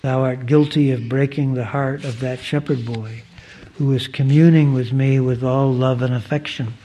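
A man's voice: mid-range voice, steady tone, normal speed, warm tone, natural voice. A man reading the lines of God in a parable, solemn and formal in old-fashioned speech. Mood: reproving. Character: God, solemn and gently reproving.

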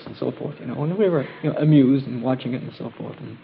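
A man sharing his travel experiences with a gathering in a casual spoken testimony, halting and reflective with many fillers and restarts. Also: on the high side, gravelly. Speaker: group member sharing trip experiences. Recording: dull lo-fi tape with faint hiss.

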